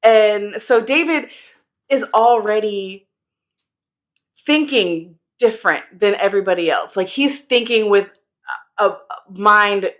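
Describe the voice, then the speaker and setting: A woman telling a Bible story to kids in a chatty, slangy, animated way. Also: mid-range voice. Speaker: children's Bible teacher.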